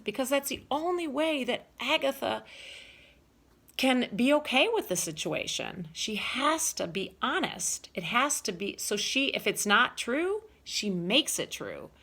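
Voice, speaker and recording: A woman teacher giving a recorded lesson to children. She explains slowly and keeps asking the listeners questions. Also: a little high, a bit bright.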